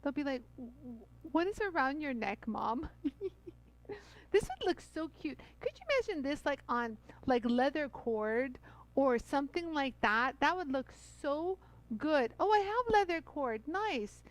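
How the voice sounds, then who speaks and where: Middle-aged woman, high voice, effusive live-stream host who chats nonstop with viewers. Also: sing-song, a little slow, poor audio. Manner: bubbly, chatty, many fillers, addresses viewers as "you guys". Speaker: host of a live jewelry tool demo. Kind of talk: live-stream product demo.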